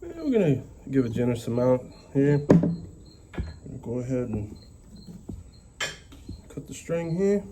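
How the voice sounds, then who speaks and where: A man's voice: medium pitch, big pitch swings, a little slow, pauses often, warm tone, slight background noise. Chatty man muttering through a DIY build. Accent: mixed English accent. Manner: chatty, muttering to himself as he works. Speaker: DIY maker. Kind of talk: casual workshop narration.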